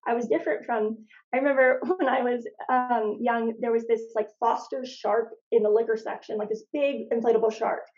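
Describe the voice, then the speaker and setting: Chatty woman with a higher voice. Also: steady tone, moderate pace, a little mellow, muffled recording. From Phoenix, Arizona, USA. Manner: chatty storyteller, lots of "like". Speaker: interview guest. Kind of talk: casual faith-centered conversation.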